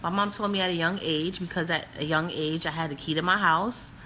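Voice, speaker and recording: A woman's voice: fairly low pitch, steady tone, fairly quick, sharp tone, slight background noise, rough recording. A young woman from New City, telling stories in a casual, matter-of-fact chat. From New York City. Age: young adult. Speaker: co-host guest.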